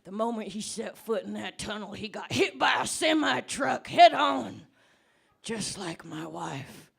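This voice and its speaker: A woman voicing an unhinged old man who lives under a bridge, rambling slowly on a pub stage with sudden shouts. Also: medium pitch, full character voice. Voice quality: gravelly, creaky old-man voice. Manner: slow, rambling, with bursts of shouting. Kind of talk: comedic character monologue at a live debate.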